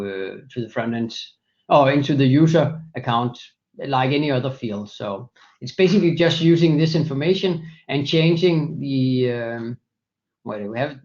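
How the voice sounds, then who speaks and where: A man presenting a software product in a screen-share demo, walking through steps methodically with frequent hesitations. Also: mid-range voice, dull audio. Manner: many fillers and restarts, methodical walkthrough.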